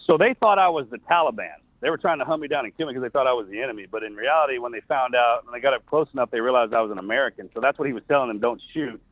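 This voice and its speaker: A middle-aged man, a former soldier, earnestly recounting a personal story in a halting way with frequent restarts. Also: mid-range voice, dry recording. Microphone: phone call. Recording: tinny phone line, dry.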